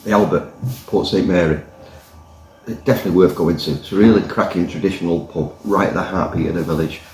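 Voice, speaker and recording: Talking fast in a low, darkish voice, a man rambles and jokes his way through a casual review of his pint. The setting is indoors by the fire in a pub, and the sound carries a roomy pub echo.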